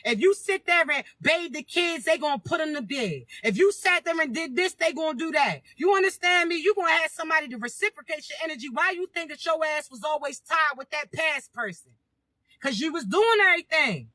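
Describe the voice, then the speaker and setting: A woman with a high, bright and cutting voice talks straight to her viewers in a casual spiritual reading. She preaches emphatically, keeps hitting them with rhetorical questions and swears without holding back. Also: expressive, a little fast, no echo. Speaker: spiritual reader addressing viewers.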